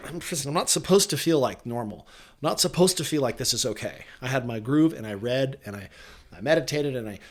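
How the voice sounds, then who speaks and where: Regular-pitched guy on a podcast, earnest and reflective, laughs a lot. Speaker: podcast guest. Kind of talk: casual motivational podcast talk.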